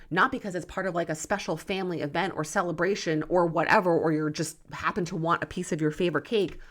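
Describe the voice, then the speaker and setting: A woman's voice: sits low, a bit bright. A young adult woman hosting a solo podcast, talking in an emphatic, worked-up, tough-love way. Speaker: podcast host, nutrition coach. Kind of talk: passionate solo podcast talk.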